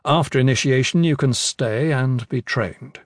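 A calm, commanding grown leader with a dry streak of humor, as a narrator plays him, at an everyday middle pitch. He speaks firmly and without hurry, in a dry, close recording. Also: a little slow, no room sound. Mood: brisk. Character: grown male leader, steady, wry and commanding. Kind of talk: audiobook character voice.

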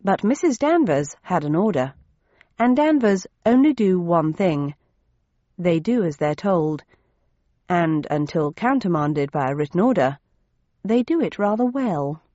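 Woman narrating a novel, wry and measured. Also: lowish voice, animated, dark tone, no echo, dull audio. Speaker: audiobook narrator. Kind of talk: first-person novel narration.

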